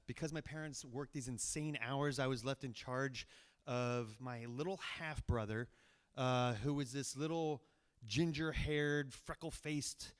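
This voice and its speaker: A man's voice: medium pitch, clean tone. A man from Virginia telling a personal story on stage, rambling with many fillers and restarts and poking fun at himself. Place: stage of a cultural center, live audience.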